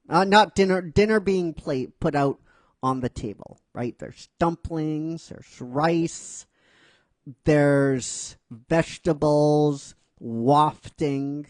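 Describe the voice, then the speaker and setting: A man talks through his own story at an unhurried, slow pace, rambling with plenty of fillers and self-corrections. His voice sits a touch high for a man and is recorded dry and close. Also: no echo. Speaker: writer narrating his own fan script. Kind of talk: casual storytelling.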